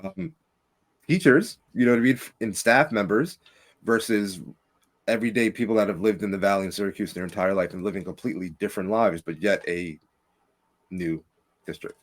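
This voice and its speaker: A man, a candidate for local office, talking casually and emphatically in a podcast interview. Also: a little fast. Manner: animated, emphatic, rising pitch when making points. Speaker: political candidate, guest.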